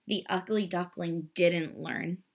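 A woman's voice: fairly low pitch, steady tone, slow, husky. A woman teacher reading a picture book aloud to children in a careful storytelling manner.

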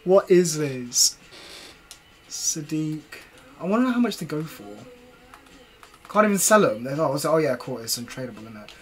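A man's voice: fairly high pitch, big pitch swings, moderate pace, long pauses, soft background music. A young man live-streaming a video game, cursing and ranting at himself in casual commentary. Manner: swears a lot, exasperated ranting, talks to himself.

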